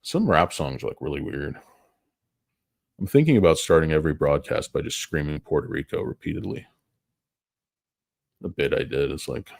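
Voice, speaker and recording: A middle-aged man hosting a rambling stock market stream, full of crude jokes, tangents and sudden loud bursts. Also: rumbling low, lively intonation, moderate pace, creaky, long pauses, no room sound, studio quality. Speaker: stock market livestream host. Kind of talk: rambling casual market commentary.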